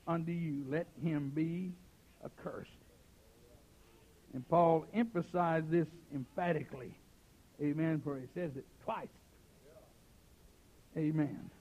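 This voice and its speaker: A man preaching a fiery revival sermon, shouting some passages and dropping to a hush on others, peppering his talk with "amen.". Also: on the high side, steady tone, slow pace, long pauses, dull audio. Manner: shouting preaching, swinging from loud to hushed; folksy, sprinkled with "amen".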